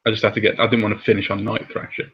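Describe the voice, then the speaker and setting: A man's voice: fairly low pitch, flat delivery, rapid-fire, husky. A man hosting a casual chat about comics, chatty with laughing asides. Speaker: host. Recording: dull lo-fi sound.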